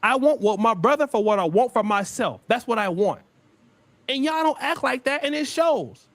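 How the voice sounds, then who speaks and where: Brief: high-pitched, animated male streamer; preachy, confrontational, recorded dry. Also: moderate pace, no room sound. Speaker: livestream host. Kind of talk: heated livestream commentary.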